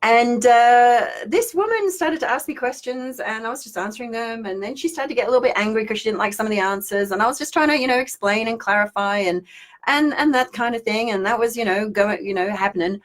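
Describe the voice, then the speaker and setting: A woman's voice: a little high, brisk. Woman spiritual teacher, rambling live-stream chat with viewers. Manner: chatty and rambling, reads viewer comments aloud.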